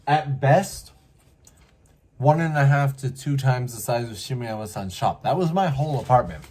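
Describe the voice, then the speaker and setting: Man, from Canada, husky voice, lively pitch, casual storytelling host. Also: normal speed. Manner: animated, acts out voices, many asides.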